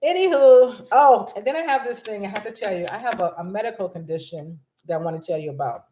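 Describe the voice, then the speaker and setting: Woman, 50s, from Los Angeles, chatty vlog host, gushing and scattered, medium pitch, roomy echo. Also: fast, slight background noise. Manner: bubbly, scattered, restarts often. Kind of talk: excited rambling livestream chat.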